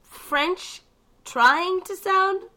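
A woman chatting casually about video games, telling the story with lively asides and quick mimicked voices. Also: very high-pitched. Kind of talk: casual gaming chat.

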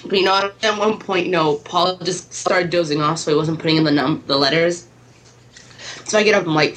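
A woman's voice: fairly low pitch, a little fast, fairly bright tone, poor audio. A woman tells a funny family story in a loose, casual way. She's sick and swears freely, and she slips into her family's lines as she goes.

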